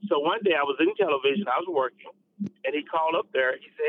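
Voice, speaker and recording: A man, an associate pastor, tells his personal testimony in an animated way, often repeating and restarting his words. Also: a little high, fast, dry recording. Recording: dry, phone-like narrow sound.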